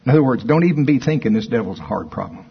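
A male preacher delivering an animated sermon, swinging from quiet asides to loud scripture quotes. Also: mid-range voice, very fast, gravelly, husky, muffled recording.

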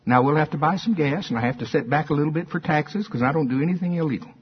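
In a church, an older pastor with a drawl delivers a sermon in a husky, somewhat breathy voice that sits a little high and moves fast. His folksy, conversational manner has him talking straight to the congregation and driving points home through repetition. The recording is dull and lo-fi.

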